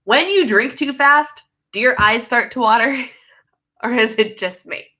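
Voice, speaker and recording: A woman's voice: a little high, measured pace, pushed and bright. A young woman, chatting casually on a home livestream, rambling and laughing mid-sentence as she reads comments. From United States. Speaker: livestream host reading viewer comments. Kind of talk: casual live chat.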